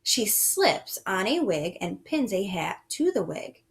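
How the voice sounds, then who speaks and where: A woman's voice: mid-range voice, big pitch swings. A woman teaching a first grade reading lesson, praising often and explaining sounds and words patiently for young children. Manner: slow, sing-song and encouraging, with frequent praise.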